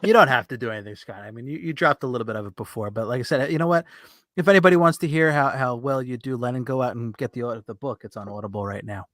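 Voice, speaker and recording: A man's voice: medium pitch, quick pace, a bit bright, no echo, studio quality. Easygoing male podcast host. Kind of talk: casual podcast chat. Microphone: podcast studio mic.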